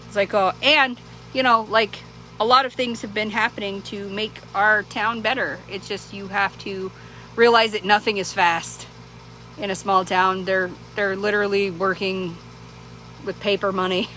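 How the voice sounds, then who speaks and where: A woman's voice: mid-range voice, steady tone, normal speed, pushed and bright, rough recording. A woman vlogger chatting casually to the camera, rambling and laughing often, with many restarts. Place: small town in Arizona. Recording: clear background noise.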